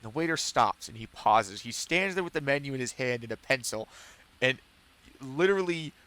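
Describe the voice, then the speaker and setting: A man's voice: mid-range voice, lively intonation, moderate pace, a bit bright. A man chatting casually with his viewers while he streams a game, telling rambling stories that amuse him. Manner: rambling, self-amused storytelling.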